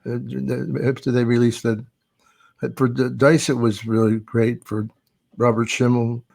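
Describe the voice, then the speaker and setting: A man's voice: mid-range voice, little pitch movement, unhurried, vocal fry, a little mellow, no echo. An older man, a veteran comedian, telling rambling show-business stories in a casual podcast chat, swearing freely and acting out quotes. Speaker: veteran stand-up comedian, guest of honor.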